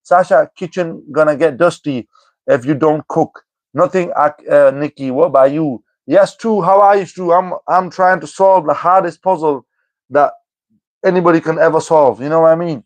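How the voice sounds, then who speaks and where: A man's voice: a little high, normal speed, no room sound. A man live-streaming and replying to chat comments, teasing the viewers and calling them by name over and over. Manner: teasing, repeats commenters' names, keeps saying "you know what I mean".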